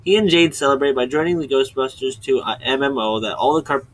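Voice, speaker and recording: A man's voice: mid-range voice, a little fast, rough recording. A man hosting his own video channel, giving a casual, rambling recap and often stopping to correct himself. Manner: chatty, digressive, often stops to correct himself. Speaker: video host summarizing a webcomic.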